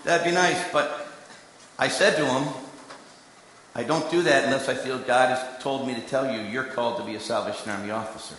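A man's voice: mid-range voice, normal speed, a little hiss or hum. Man preaching in an echoey hall. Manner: storytelling, shifting between hushed and emphatic. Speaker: preacher and candidate recruiter. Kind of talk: sermon. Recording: echoey hall with long reverb.

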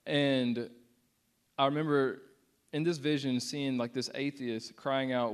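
A man's voice: mid-range voice, fairly even intonation, moderate pace. Earnest young man sharing a testimony. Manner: casual and earnest, many "like" fillers, acts out quotes with rising intensity. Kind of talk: conversational testimony to a church audience.

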